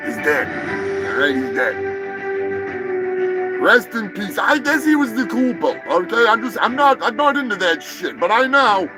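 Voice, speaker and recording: A man's voice: high-pitched, sing-song, unhurried, over music, low-quality recording. A man hosting a live show, rambling through profane, joking rants. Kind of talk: rambling live-stream monologue.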